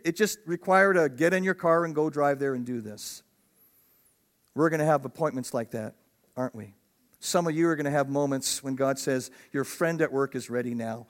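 A man's voice: medium pitch, normal speed. A man, a pastor, preaching a conversational sermon that builds to emphatic, raised peaks.

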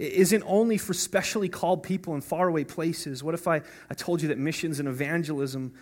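A man's voice: a little high, a little mellow. A man preaching a sermon as pastor in a conversational way, often asking "right?" and restarting his words. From North America.

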